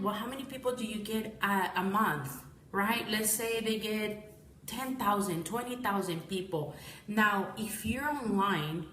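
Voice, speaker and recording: A woman's voice: mid-range voice, a bit bright, a little hiss or hum. Tired woman business owner talking casually to a live-stream audience, chatty and self-correcting, roomy echo. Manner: rambling, self-correcting, addresses viewers as guys.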